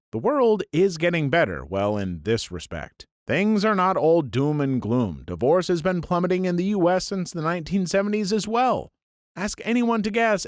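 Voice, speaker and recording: A man narrating a series of online posts in a brisk, animated storytelling read. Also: fairly high pitch, dry recording, clean studio sound.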